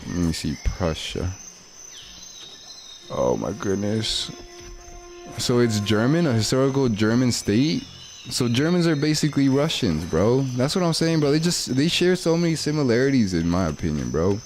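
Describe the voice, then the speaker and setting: A man's voice: mid-range voice, very animated, a little fast, a little mellow, soft background music. A young man, chatting casually and rambling in slang while livestreaming a game. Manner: slangy, rambling, laid-back. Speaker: streamer.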